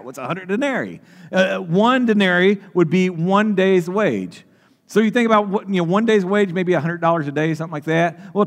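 A man preaching a sermon as pastor, often repeating and restarting words as he explains a passage. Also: high voice. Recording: long hall reverb.

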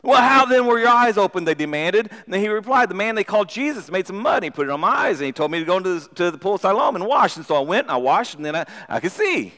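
A man preaching a sermon in an animated way, often repeating words as he starts a sentence. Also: high voice, fast, few pauses. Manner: animated, acts out voices of people in the story. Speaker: pastor. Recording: long hall reverb.

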